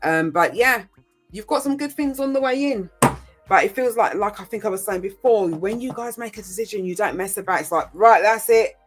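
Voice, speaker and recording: A woman's voice: medium pitch, lively intonation, fairly quick, faint music behind. A woman giving a casual tarot reading, chatty and rambling, with frequent ums and mild swearing. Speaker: tarot reader.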